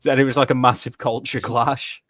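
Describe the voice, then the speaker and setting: Guy from britain on a podcast, tells stories all animated, swears, laughs mid-sentence, dry sound. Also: mid-range voice, brisk, no echo. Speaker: podcast co-host. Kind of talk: casual chat.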